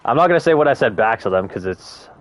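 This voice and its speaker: A young man live-streams a game and chats casually with viewers, using laid-back slang and swearing often. His mid-range voice is animated and quick.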